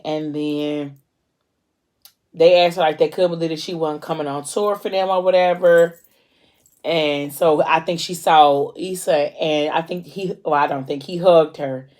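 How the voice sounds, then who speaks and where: A woman's voice: on the low side, darkish tone. A woman with casually retelling a novel's plot, filling her talk with ums and briefly acting out the characters' lines. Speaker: book vlogger recapping a novel. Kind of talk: casual book recap.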